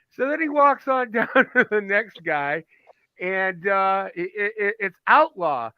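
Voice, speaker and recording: A man in a casual group chat, telling jokes in an animated way and swearing freely. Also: high-pitched, measured pace, smooth, no echo. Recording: dull lo-fi call audio.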